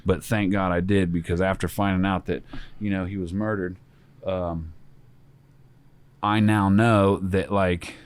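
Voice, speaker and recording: Give me a man with a very low voice talking casually on a podcast. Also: flat delivery, unhurried, long pauses. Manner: laid-back, reflective, swears casually. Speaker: tattoo artist and podcast guest.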